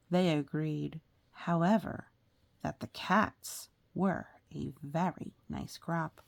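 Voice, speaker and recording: A woman reads a picture book aloud, slowly and with a gravelly edge. She stops often to point out the characters to young listeners. The sound is dry and close. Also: low-pitched, dry recording. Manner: animated, talks to young listeners about the pictures. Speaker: storybook reader. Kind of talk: reading a picture book aloud with chatty asides.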